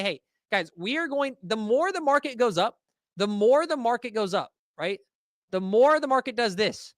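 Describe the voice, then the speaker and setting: A man's voice: high voice, fairly bright tone, no echo, studio quality. A man hosting a livestream, ranting casually and profanely to his chat in slangy talk. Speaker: host. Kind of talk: livestream market rant.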